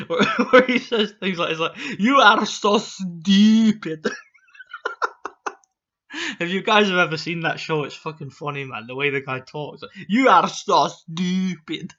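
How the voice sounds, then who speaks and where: A man in a casual vlog rant, swearing freely and tripping over repeated words. His voice sits a little high and sounds bright and sharp. The audio is dull and lo-fi. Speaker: boxing YouTuber.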